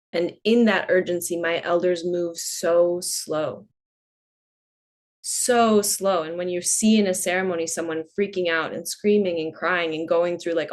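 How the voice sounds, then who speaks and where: Unhurried, earnest woman podcast guest. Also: lowish voice. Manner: unhurried and earnest, with frequent "like" fillers. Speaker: podcast guest, holistic coach. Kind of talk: reflective podcast conversation.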